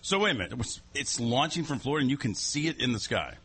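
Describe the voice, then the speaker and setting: A man co-hosting a sports radio show, teasing quickly, with a frog in his throat. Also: medium pitch, very animated, fairly bright tone, slight background noise. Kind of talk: casual sports radio banter. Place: radio studio.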